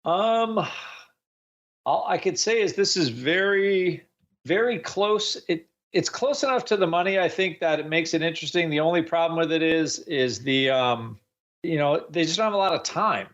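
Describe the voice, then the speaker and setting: A man's voice: fairly high pitch, lively intonation, moderate pace, a bit bright, muffled recording. A man on a finance talk show giving his view of a trade in a hesitant way, with many fillers and restarts. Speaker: panelist. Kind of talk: casual market talk.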